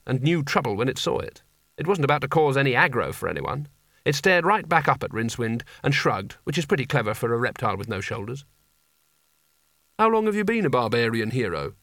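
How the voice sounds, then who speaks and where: A man narrates a comic fantasy novel in a wry, expressive way, his voice rising and falling freely. His pitch sits in an ordinary middle range for a man. The recording is dry and close, with no room sound. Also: no room sound. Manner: expressive, wry storytelling delivery. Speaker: audiobook narrator.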